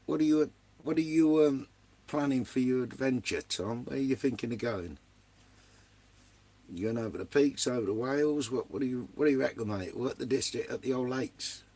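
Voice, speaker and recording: A man's voice: mid-range voice, normal speed, a little mellow. An Englishman, casually chatting live from his camper van with viewers, full of banter and swearing, calling everyone mate and son. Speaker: vanlife live streamer.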